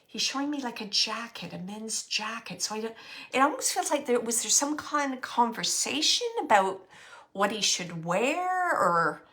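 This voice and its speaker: Bright-voiced woman giving a halting psychic reading. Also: a little high, very animated. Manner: halting, searching, thinking aloud; laughs often. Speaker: psychic medium. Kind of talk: relaying a spirit reading.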